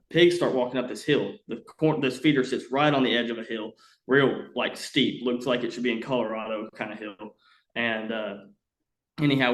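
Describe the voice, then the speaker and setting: Young man telling a story. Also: mid-range voice. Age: young adult. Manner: rambling, animated, many "uh" fillers. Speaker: podcast guest. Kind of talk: casual storytelling. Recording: roomy echo.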